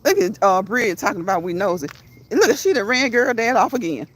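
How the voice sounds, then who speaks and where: A woman hosting a casual livestream, reading chat messages aloud, laughing often and talking back to her viewers. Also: mid-range voice. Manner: quick, lively chatter.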